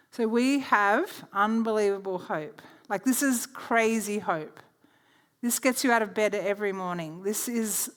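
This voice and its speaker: Workshop presenter: a woman of middle pitch, a chatty storyteller who laughs easily. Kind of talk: teaching workshop talk with personal stories. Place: church.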